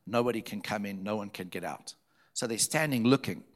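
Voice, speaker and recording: A man's voice: lowish voice, a little fast. A man, a preacher, earnestly recounting a story as a testimony and repeating phrases for emphasis.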